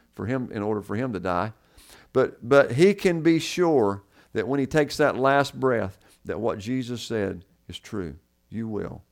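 Earnest male pastor repeating for emphasis. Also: medium pitch. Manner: earnest preaching, repeats key words for emphasis. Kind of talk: sermon.

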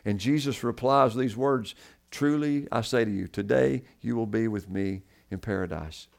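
A man's voice: fairly low pitch, moderate pace, creaky. A man preaching a sermon as pastor, earnest and repeating key words for emphasis.

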